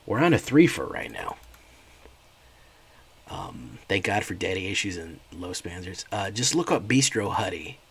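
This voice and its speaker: A man's voice: deep voice, sing-song, a little slow, gravelly, fairly bright tone, slightly rough. A man streaming a card game, chatting in a laid-back, rambling way with his viewers. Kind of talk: casual gameplay chat.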